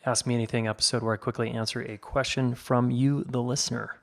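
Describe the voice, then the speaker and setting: A man's voice: medium pitch, little pitch movement, fast, vocal fry. A man hosting a relationship advice podcast, chatting casually as he reads a listener's question and comments on it. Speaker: podcast host.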